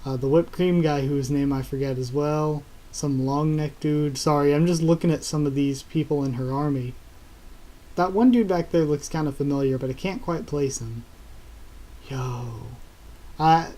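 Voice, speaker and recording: A man reading through a comic chapter live and reacting casually, excitable and laughing often. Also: on the high side, unhurried. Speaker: YouTuber reacting to a manga chapter.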